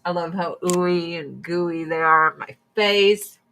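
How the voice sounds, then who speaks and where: A woman's voice: on the low side, takes it slowly, a bit bright, slight background noise. A woman chatting casually and bluntly while doing her makeup, swearing freely as she gives her opinions. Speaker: streamer.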